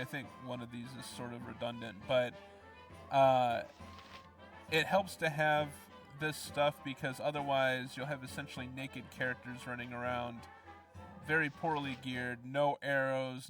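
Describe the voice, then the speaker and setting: A man's voice: mid-range voice, fairly bright tone, recorded from a distance. A young man from the US Midwest giving casual let's play commentary, explaining as he goes with plenty of ums. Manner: rambling, explanatory, lots of ums.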